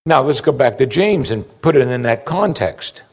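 A man preaching a sermon, emphatic and animated, asking rhetorical questions. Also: mid-range voice, moderate pace. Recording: long hall reverb.

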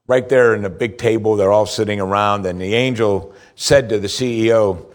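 Man preaching a sermon. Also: on the low side. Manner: preaching, slow scripture reading with lively rises. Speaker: pastor.

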